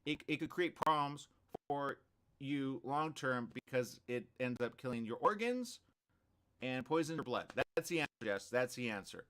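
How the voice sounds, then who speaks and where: A man's voice: mid-range voice, moderate pace, slight background noise. A man hosting a radio morning show, reading news stories aloud with joking commentary and frequent laughter. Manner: animated, laughing, repeats phrases.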